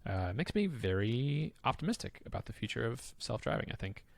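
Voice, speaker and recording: A man co-hosting a podcast, chatting casually and telling stories with lots of fillers, getting excitable as he goes. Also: medium pitch, brisk, gravelly, dry recording. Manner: animated, excitable storyteller with frequent fillers. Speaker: podcast co-host. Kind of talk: casual chat.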